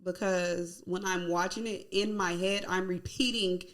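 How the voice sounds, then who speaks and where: A woman's voice: lowish voice, steady tone, unhurried. A woman hosting a podcast, asking playful, teasing and blunt questions in a casual chat. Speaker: podcast host.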